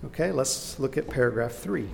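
A man teaching a Bible study lesson in an earnest, explanatory way, pausing with fillers and restarts. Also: animated, gravelly. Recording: echoey hall with faint rumble.

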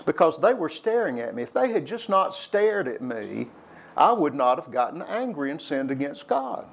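A man's voice: a little high, very animated, moderate pace, vocal fry, a little hiss or hum. An older man telling candid personal stories to young people. He rambles a little and acts out old quarrels by raising his voice. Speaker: speaker addressing young people. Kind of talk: personal storytelling talk.

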